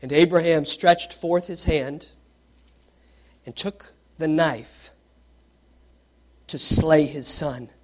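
A man with a slightly high voice preaches slowly, leaving long pauses as he reads scripture and questions his congregation. His tone swings between loud, animated questions and hushed emphasis.

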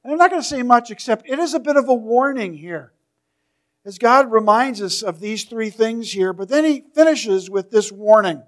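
A man preaching a sermon in a church, reading scripture slowly and with emphasis, his voice trailing softly at the ends of phrases. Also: very high-pitched. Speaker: pastor.

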